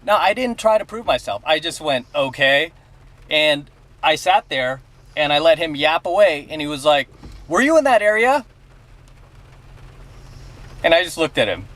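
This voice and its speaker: A man's voice: on the high side, animated, brisk, a bit bright. A man vlogging outdoors beside his car, telling a story and giving blunt advice, often checking in with "okay?". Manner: emphatic, blunt, keeps asking "okay?". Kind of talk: casual storytelling and advice to camera.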